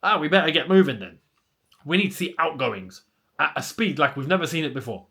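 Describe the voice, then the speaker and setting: Young guy going off on a football rant, high voice, swings up and down a lot. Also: a little fast, gravelly. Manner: animated, ranting, rhetorical questions. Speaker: football channel host. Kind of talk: casual chat.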